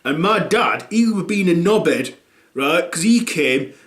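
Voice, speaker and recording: A man's voice: on the high side, animated, unhurried, fairly bright tone, echoey room. A man playing a blunt, crude dad in his thirties, rambling with lots of fillers in a comic monologue. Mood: gossiping. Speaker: comedy character.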